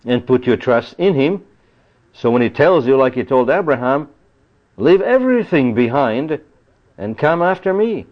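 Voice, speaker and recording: A man preaching a Bible-study sermon in an earnest, explaining manner, often adding "you see" and "you know.". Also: mid-range voice. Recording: dull lo-fi recording.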